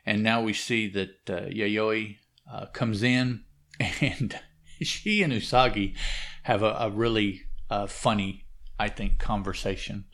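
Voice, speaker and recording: A man's voice: lowish voice, steady tone, slow, a bit bright. A man reading a comic book aloud and commenting on it casually, hesitant, with frequent fillers and self-corrections.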